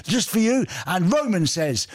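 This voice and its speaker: A man's voice: sits high, big pitch swings, unhurried. A man hosting a radio show, reading out listener messages with cheeky jokes and asides. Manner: cheeky, joking, reads messages aloud with asides. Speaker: radio host.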